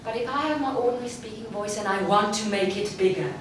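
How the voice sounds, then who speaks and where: Female voice coach, measured demonstrative workshop delivery, recorded from afar in a noisy, reverberant hall. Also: medium pitch. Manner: slow, deliberate, demonstrative delivery. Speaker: speaker and voice coach. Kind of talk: live workshop talk. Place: large room before a live audience. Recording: echoey hall from far off with room noise.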